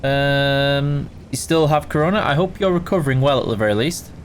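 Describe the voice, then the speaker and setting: A man's voice: medium pitch, normal speed, slight background noise. A man hosting a casual live game stream, greeting viewers by name and answering chat while tired and yawning.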